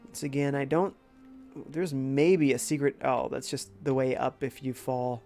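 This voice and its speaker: A man's voice: medium pitch, steady tone, unhurried, gravelly, a little mellow, faint music behind. A young man with a congested, sick-sounding voice, casually chatting while playing a game and reading out viewer comments. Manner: laid-back, reads chat aloud. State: congested from a cold. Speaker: game streamer.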